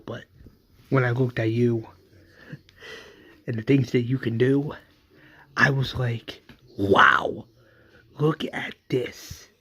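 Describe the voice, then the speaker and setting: Guy doing a sorry scientist mentor, halting and earnest, soft, normal pitch. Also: husky. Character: remorseful male scientist mentor.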